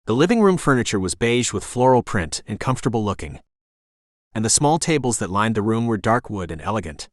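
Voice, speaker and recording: Low-voiced male audiobook narrator. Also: sing-song, a little fast, no echo, clean studio sound. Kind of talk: scripted first-person narration.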